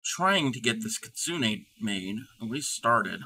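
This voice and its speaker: Very bright-voiced man chatting on stream. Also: medium pitch, very animated, slow pace. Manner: rambling, reading and answering chat aloud. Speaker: livestream host. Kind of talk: casual livestream chat.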